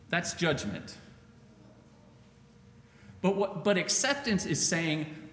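Male pastor, animated conversational sermon, echoey sanctuary with long reverb. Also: fairly high pitch, normal speed, slight background noise. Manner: conversational, animated preaching with acted-out quotes. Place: church sanctuary. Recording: echoey church hall, faint ambience.

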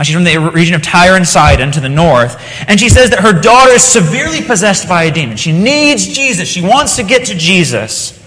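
Male preacher, slightly raised pitch, conversational sermon, reverberant hall. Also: a bit bright. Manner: earnest, conversational with fillers, reads scripture aloud.

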